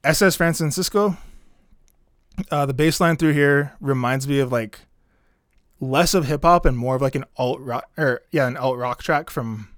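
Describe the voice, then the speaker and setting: A man's voice: medium pitch, a little slow, no echo, studio quality. A man co-hosting a casual podcast, talking through an album track by track with lots of "like" fillers. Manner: relaxed, rambling, many "like" fillers. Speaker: podcast co-host reviewing an album. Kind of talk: casual chat.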